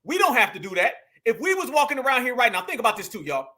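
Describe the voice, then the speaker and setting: A man in talks straight to his audience like a preacher, calling them family. His voice sits high and rings bright. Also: very animated, fast talker. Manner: preachy, addresses viewers as family and y'all. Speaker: political commentary host. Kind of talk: casual political commentary.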